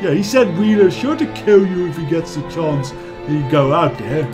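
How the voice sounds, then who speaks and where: Brief: man doing a matter-of-fact orc, slightly high, music bed. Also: animated, normal speed, lightly acted. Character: blunt orc adventurer, plain-spoken man.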